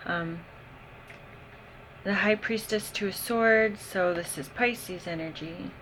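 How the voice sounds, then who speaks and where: Slow-talking woman reading tarot. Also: mid-range voice, a bit bright, slight background noise, rough recording. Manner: unhurried, thinking aloud with many ums. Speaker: tarot reader. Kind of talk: casual tarot reading to camera.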